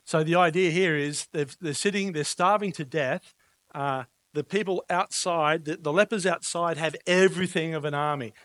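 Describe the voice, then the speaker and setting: A man's voice: a little high, normal speed, a bit bright, no echo. A man preaching a sermon, telling stories in an emphatic, conversational way and often asking "right?". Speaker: pastor.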